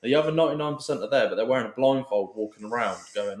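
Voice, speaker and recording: A man hosts a casual podcast and makes his points with earnest conviction. His voice is mid-pitched, and the room gives it a roomy echo. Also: lively intonation, very fast. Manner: opinionated, earnest ranting. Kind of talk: casual chat.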